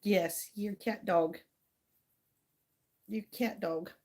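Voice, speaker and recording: A woman's voice: mid-range voice, steady tone, very slow, warm tone. A woman hosting a casual livestream, chatting to viewers and talking sweetly to her dog. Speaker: livestream host.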